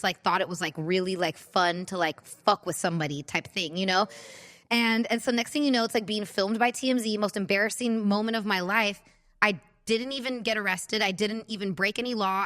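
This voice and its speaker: A bright, forceful woman in her thirties chats casually as a podcast host and acts out the people in her stories with animated bursts. Her voice rings in a space with a long reverb tail. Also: medium pitch, brisk. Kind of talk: casual storytelling chat.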